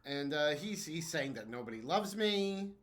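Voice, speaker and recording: Bright high-voiced man, agreeable co-host. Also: expressive, moderate pace. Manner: agreeable, fills in with frequent mm-hmms and yeses. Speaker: podcast co-host. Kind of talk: casual chat recapping a sitcom episode.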